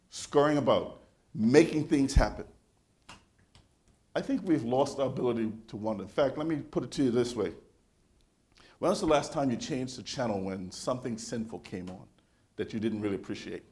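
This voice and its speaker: A male pastor preaching a sermon in a conversational, animated storytelling manner, often restarting his phrases. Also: mid-range voice.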